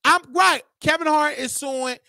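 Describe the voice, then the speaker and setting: A young man hosting a casual livestream, talking in an animated, gossipy way and laughing often. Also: very high-pitched, unhurried, vocal fry, dry recording. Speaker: show host.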